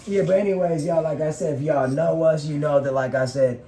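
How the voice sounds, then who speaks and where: A man's voice: on the high side, fairly even intonation, a little fast, background noise. A man co-hosting a home snack vlog, chatting casually and rambling, often repeating "like I said". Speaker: vlogger co-host. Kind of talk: casual chat while eating. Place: home, indoors. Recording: echoey room.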